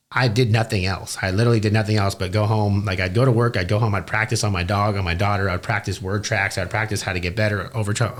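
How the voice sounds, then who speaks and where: A man telling his story in a casual interview, animated and full of swearing. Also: on the low side. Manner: fast, profane, animated storytelling. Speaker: guest, business owner.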